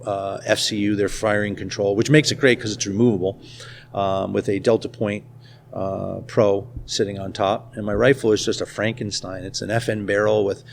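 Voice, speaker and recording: A man talking casually as an interview guest, an animated storyteller who works as a school nurse and firearms instructor. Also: fairly low pitch, normal speed, creaky. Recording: faint background noise at a conference.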